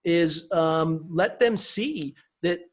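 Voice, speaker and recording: A man's voice: fairly high pitch, very slow. A man talking as an interview guest in an upbeat, enthusiastic way, often ending his points with "right?" and "you know". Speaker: guest speaker. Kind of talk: conversational interview.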